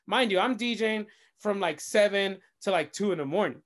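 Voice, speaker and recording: A man, a DJ and radio host, telling an animated story in casual chat, swearing freely and acting out quoted dialogue. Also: high-pitched, normal speed. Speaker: DJ and radio host, interview guest.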